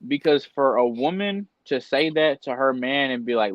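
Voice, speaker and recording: A man's voice: medium pitch, expressive, moderate pace, dry recording, muffled recording. Young man telling a heartfelt story. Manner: emotional, candid storytelling with slang. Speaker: podcast co-host. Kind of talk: casual podcast chat.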